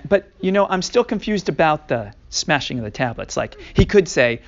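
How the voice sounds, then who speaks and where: A man teaching a class on a scripture passage, switching into lively voices for the figures he quotes. His voice sits at a middle pitch, recorded close and dry with no room sound. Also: moderate pace, gravelly, hardly any pauses, no echo, lo-fi sound. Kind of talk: classroom Bible lesson.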